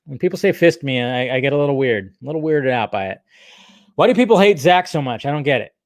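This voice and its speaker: A man's voice: mid-range voice, lively intonation, fast, no echo. Profane rambling man on a dry mic. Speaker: host reading live chat questions. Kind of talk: casual livestream chat.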